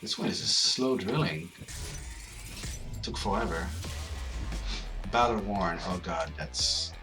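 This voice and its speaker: Low-ish guy chatting thru unboxings, music playing clearly. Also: takes it slowly. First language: French. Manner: relaxed, rates items as they unbox. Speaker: game channel host. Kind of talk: casual gameplay commentary. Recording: game music clearly audible underneath.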